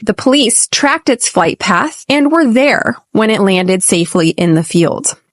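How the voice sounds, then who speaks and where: An American woman hosting an English lesson podcast, speaking clearly and deliberately and modeling phrases slowly for repetition. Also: mid-range voice, animated, no room sound. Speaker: podcast host and English teacher.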